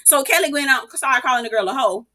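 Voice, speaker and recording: A woman's voice: animated, quick pace, sharp tone. A woman giving a casual, profane, gossipy recap of a reality show, full of quoted reactions and sudden exclamations. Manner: speaks with swooping pitch jumps and exclamations.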